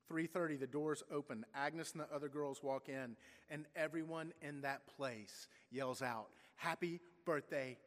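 Pastor, male, slightly high voice, storytelling sermon with brief voiced quotes, long church reverb.

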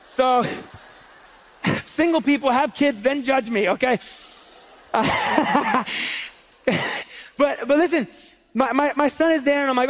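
High-voiced man preaching in a reverberant hall. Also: normal speed, long pauses. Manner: animated and chatty, with frequent rhetorical questions. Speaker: pastor. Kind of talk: sermon with casual storytelling. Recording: long reverb in a large hall.

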